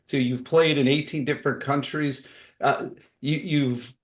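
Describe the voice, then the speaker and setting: A man's voice: medium pitch, steady tone, measured pace. Conversational male podcast host. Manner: conversational, eager follow-up questions. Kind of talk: interview.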